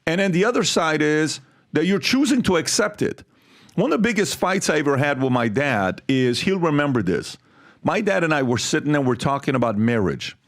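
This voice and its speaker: An emphatic man hosts a relaxed panel discussion. His voice sits a bit high and swings widely as he tells stories and quizzes the panel with pointed questions. He lands his points with force. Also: brisk. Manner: emphatic, animated storyteller who quizzes the panel. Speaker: host.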